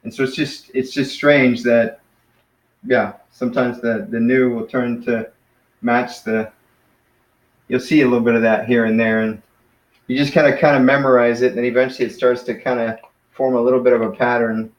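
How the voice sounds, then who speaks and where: Man, casual teacher, hesitant, self-correcting, mid pitch, roomy echo. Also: level tone, normal speed. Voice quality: hesitant, many fillers and restarts, self-correcting. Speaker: Greek teacher.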